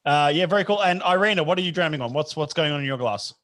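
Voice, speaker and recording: A man's voice: fairly high pitch, expressive, fast, fairly bright tone, no room sound. A man hosting a casual evening video chat, telling rambling stories and correcting himself as he goes. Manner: rambling, self-correcting storyteller. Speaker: host. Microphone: video call.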